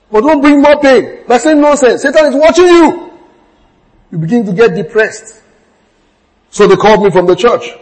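A pastor preaching a sermon, telling stories with acted quotes and bursts of shouting. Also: male voice, very high-pitched, poor audio.

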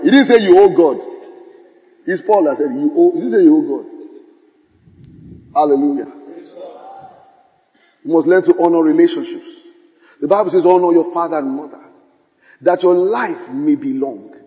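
A pastor preaching to his congregation, his fairly high voice jumping into playful quoted voices and bursts of laughter. The sound rings with the long reverb of a large hall. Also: a little slow, long pauses, warm tone. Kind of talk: sermon.

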